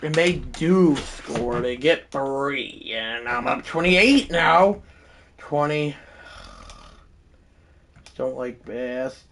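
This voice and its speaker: A man giving excited play-by-play commentary over a football video game, calling it like a sportscaster and shouting on the big plays. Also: fairly high pitch, slow pace, a little hiss or hum. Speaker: gaming channel host.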